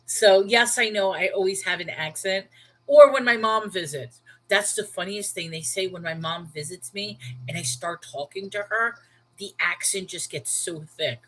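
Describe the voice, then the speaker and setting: A woman in her thirties with a mid-range, slightly bright voice hosts a casual Bible livestream, captured in a rough recording. Candid and emphatic, this Brooklyn-accented New Yorker talks to her viewers by name.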